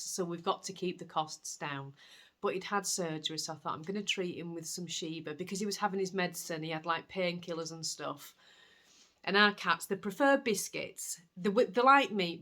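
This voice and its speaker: Chatty Yorkshire woman podcast host. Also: lowish voice. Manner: chatty, animated storytelling. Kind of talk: casual chat to camera.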